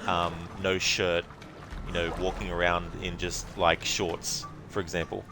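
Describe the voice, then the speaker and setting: An Australian man streaming a video game, chatting casually with viewers in a relaxed, rambling way and laughing easily. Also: low-pitched, measured pace, background noise.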